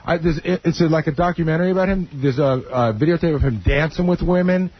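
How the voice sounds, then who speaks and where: A man's voice: on the high side, fast talker, no echo. A man cohosting a radio show, relaying details in a matter-of-fact way. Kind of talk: casual radio banter. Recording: dull radio broadcast audio.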